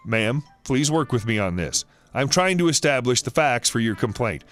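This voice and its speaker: A man voicing a polite, measured male restaurant manager who stays firm. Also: mid-range voice, expressive, fairly bright tone, soft background music, pitched below the performer's own voice, close to an everyday voice.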